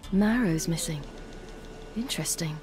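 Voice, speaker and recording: Woman playing a cool young monster huntress in a game, calm and matter-of-fact, game music under her. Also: on the low side, unhurried, close to an everyday voice. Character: composed young female monster hunter.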